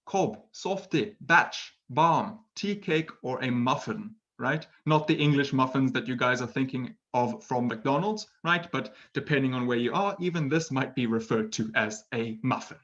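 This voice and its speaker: A male English teacher leads a live online lesson in a relaxed, chatty way, reading viewer comments aloud and tagging his points with "right?". His voice sits at an ordinary middle pitch. The audio is dull and slightly muffled. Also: moderate pace, hardly any pauses. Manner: chatty, often tags "right?".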